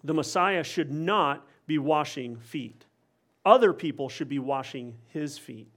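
A man's voice: fairly high pitch, a little slow, a bit bright. A man preaching a sermon, explaining a passage in an earnest, expository way, with occasional wry asides.

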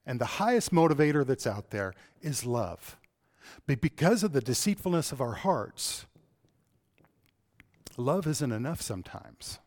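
A middle-aged man preaching a sermon, telling a personal story and swinging between loud emphasis and hushed, slow delivery. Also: medium pitch.

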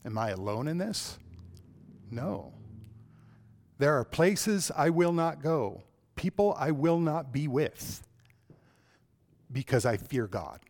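A middle-aged preacher shares a personal story during his sermon, shifting from loud emphasis to hushed, unhurried speech. His voice is a little high, creaky, and very animated.

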